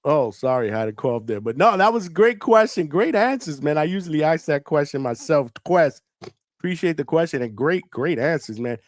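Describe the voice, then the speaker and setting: A man hosting a live call-in show, upbeat, laughing easily and quick with short affirmations. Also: fairly high pitch, animated, dry recording, studio quality. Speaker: host.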